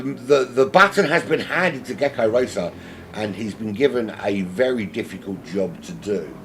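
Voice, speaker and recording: A man's voice: sits low, background noise. A man from South London with a South London accent, commentating on a sim race from home in a rambling, self-mocking, chatty way.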